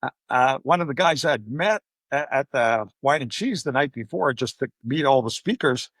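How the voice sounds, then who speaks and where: A man's voice: medium pitch, lively intonation, moderate pace, fairly bright tone, no echo. An older man, a podcast guest and coach, telling anecdotes in a casual interview and acting out the voices of people he quotes.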